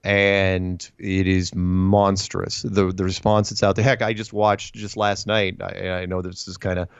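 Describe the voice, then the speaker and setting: A low-voiced man chatting as an interview guest, animated and full of restarts, slipping into quoted voices as he tells his story. His voice comes through dry and a bit dull, like lo-fi remote audio. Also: a little slow, creaky, clear, resonant tone, no room sound.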